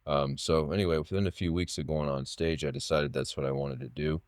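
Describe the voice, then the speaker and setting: A man in his late thirties speaks as a podcast guest in a low, deep voice. He tells stories casually, circling back with restarts and fillers, recorded dry and close. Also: steady tone, fairly quick, clean tone, dry recording. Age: late 30s. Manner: rambling, full of restarts and fillers. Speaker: podcast guest, poet and writer. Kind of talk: casual interview storytelling.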